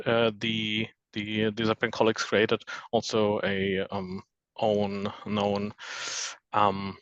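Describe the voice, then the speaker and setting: A man introducing his work on a video call, slow and hesitant as he searches for words. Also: fairly low pitch, fairly bright tone, no room sound, highs cut off. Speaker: developer at a consulting firm.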